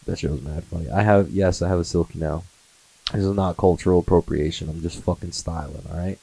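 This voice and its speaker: A man's voice: deep voice, brisk, creaky, dark tone, slightly rough, no echo, poor audio. A man in his twenties on a casual comedy monologue, swearing a lot, laughing often and slipping into mocking impressions. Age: 20s. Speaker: comedy podcast host.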